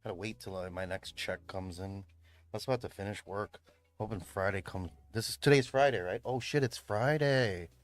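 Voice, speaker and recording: A man's voice: fairly low pitch, normal speed, faint music behind. A man chatting casually on a livestream from his room at home, rambling, swearing and laughing often. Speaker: livestreamer and event host. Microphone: streaming mic.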